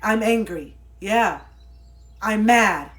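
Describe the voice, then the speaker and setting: A woman in her thirties giving spiritual life coaching on a livestream, preaching with a lot of swearing and swinging between loud outbursts and low murmurs. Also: lively intonation, extremely slow. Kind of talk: impassioned livestream monologue.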